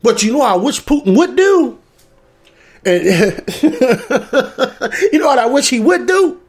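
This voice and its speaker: High-voiced man, laughing, profane rant. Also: sing-song, a little fast. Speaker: commentary show host. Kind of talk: comedic political rant.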